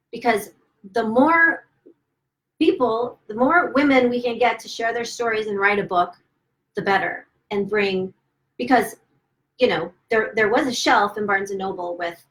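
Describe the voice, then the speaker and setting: A woman author on a livestream, emotional and close to tears, gushing with excitement and stumbling over her words as she celebrates her new book at home. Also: fairly high pitch, rough recording. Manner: gushing and excited, halting with restarts. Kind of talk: casual livestream chat. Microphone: phone or webcam livestream.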